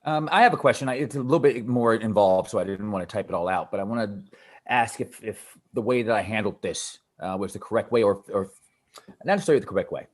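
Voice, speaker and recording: A man who works as a DJ, telling a personal story in an animated way with halting restarts. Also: fairly low pitch. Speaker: DJ asking a question.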